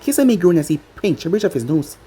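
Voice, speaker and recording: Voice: mid-range voice, sing-song, quick pace, dark tone, husky. A reader casually reading a fan fiction story aloud, stumbling over words now and then.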